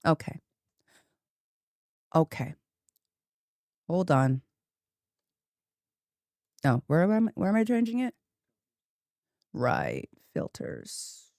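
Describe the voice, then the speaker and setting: A woman game streamer chatting casually and rambling on a desk microphone, laughing often, her voice jumping higher when she gets excited. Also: very slow, creaky, pauses often, dry recording, clean studio sound. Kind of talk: casual live-stream chat. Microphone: desk microphone with headphones.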